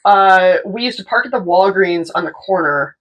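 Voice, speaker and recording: A woman's voice: lowish voice, moderate pace, rough recording. Young woman, tattoo artist, casual storytelling, swears a lot, mimics people. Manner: animated, swearing, mimics voices in her stories.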